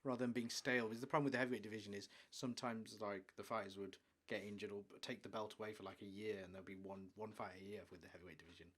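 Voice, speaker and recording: A man co-hosting a podcast, chatting enthusiastically about sport and trailing off quietly at the ends of lines. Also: on the low side, fairly even intonation, rapid-fire, few pauses. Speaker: podcast co-host. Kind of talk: casual sports chat.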